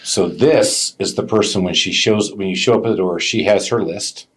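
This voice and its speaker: A man co-hosting a casual business podcast, an animated storyteller who acts out customers' voices. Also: deep voice, moderate pace, slightly rough. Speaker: podcast co-host, business owner.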